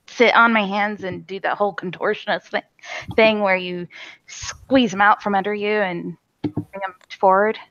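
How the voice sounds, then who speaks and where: A woman's voice: mid-range voice, a bit bright, no echo. Woman player in a dull dry recording. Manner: chatty, asks many questions. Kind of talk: playing a tabletop game in character.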